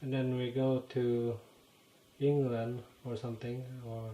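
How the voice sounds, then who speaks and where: Norwegian-accented man, host, slow and halting delivery, fills pauses with "uh" and "um", mid-pitched voice. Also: level tone, dark tone. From Norway. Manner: halting, searches for words, many fillers. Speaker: channel host. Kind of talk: casual explanatory monologue. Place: in front of a green screen.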